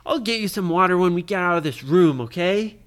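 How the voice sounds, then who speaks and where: A storyteller voicing a brash, determined young boy adventurer who talks loud and commanding. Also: medium pitch, expressive, fairly quick, pitched above the performer's own voice, close to an everyday voice.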